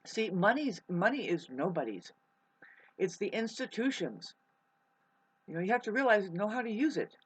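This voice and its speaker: A woman's voice: medium pitch, big pitch swings, normal speed, pauses often, a little hiss or hum. A woman vlogger rambling in a casual monologue. She swears freely, restarts her sentences often and eats while she talks. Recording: muffled lo-fi recording.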